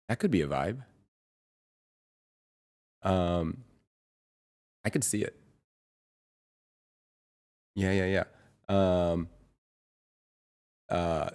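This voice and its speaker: A young man streaming from home, chatting casually in a rambling, halting way with lots of ums and laughs. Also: deep voice, darkish tone. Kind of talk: casual chat reading chat.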